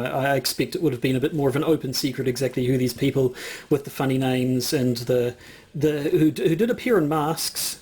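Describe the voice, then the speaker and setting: This man co-hosts a podcast, chatting casually in a rambling, hesitant way full of fillers and restarts. His voice is medium in pitch with a darkish tone and a breathy edge.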